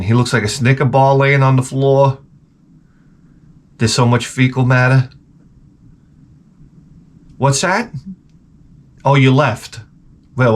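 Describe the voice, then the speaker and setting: Hungover man rambling crudely. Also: medium pitch. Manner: rambling, profane, crude humor. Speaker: vlogger. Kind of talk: casual comedic monologue.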